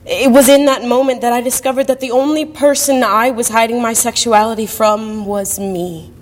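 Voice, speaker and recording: A woman's voice: on the high side, fairly even intonation, normal speed. A woman telling a personal story as a monologue on stage, reflective in manner. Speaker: monologue performer. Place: university event hall. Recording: long hall reverb.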